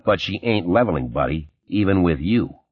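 A man's voice: low-pitched, animated, normal speed, slightly rough, dry recording. A man voicing a blunt, teasing male police lieutenant in an audiobook. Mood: brash teasing. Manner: brash, teasing. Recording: slightly dull, dry recording.

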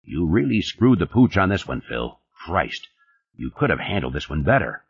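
A man reading the part of a gruff, commanding male company boss who talks curtly and coarsely, in an audiobook. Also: low-pitched, big pitch swings, normal speed, no room sound, exaggerated voice. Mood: irritated. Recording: dull, dry studio recording.

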